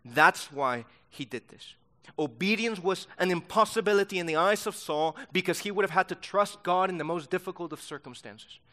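A man leads a sermon-style Bible lesson for young listeners. His voice sits a little high, and his delivery is emphatic and insistent. He repeats key words to drive each point home. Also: lively intonation, moderate pace, hardly any pauses, pushed and bright. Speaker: youth Bible teacher.

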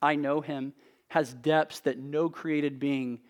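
A man preaching an expository sermon in an earnest, emphatic way, with measured rhetorical pauses. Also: on the high side, steady tone.

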